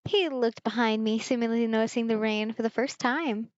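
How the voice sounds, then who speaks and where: A woman's voice: on the high side, moderate pace, dry recording, lo-fi sound. Chatty woman streamer reading a game aloud. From Germany. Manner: chatty, asides to viewers. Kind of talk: reading a visual novel aloud with live commentary.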